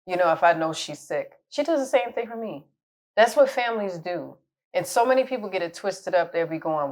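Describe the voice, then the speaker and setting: A middle-aged woman coach talks to camera, giving candid, conversational relationship advice and now and then laughing at her own jokes. Her medium-pitched voice is expressive and fairly quick.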